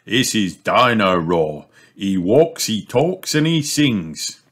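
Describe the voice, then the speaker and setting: A man's voice: fairly low pitch, big pitch swings, takes it slowly, a bit bright, full character voice. A man doing a beaming fox shopkeeper. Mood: cheery. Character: cheery male fox shopkeeper. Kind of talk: children's storybook read aloud.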